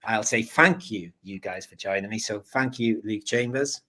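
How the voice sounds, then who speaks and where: A man's voice: fairly low pitch, moderate pace, sharp tone, rough recording. A man hosting a football podcast, telling rambling stories and apologizing a lot in casual chat. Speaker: podcast host.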